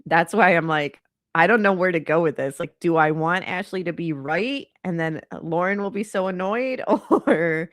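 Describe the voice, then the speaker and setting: Stuffy-nosed woman rambling about true crime, lowish voice, dry sound. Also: normal speed, no echo. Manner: chatty and rambling, exasperated. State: congested. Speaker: true crime channel host. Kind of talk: casual commentary on a live stream.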